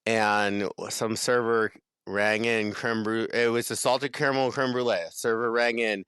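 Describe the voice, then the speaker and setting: A man's voice: on the low side, level tone, a little slow, a bit bright, clear, resonant tone, dry recording. A man, a chef guest on a podcast, telling a kitchen story in a casual chat, laughing, swearing and repeating words.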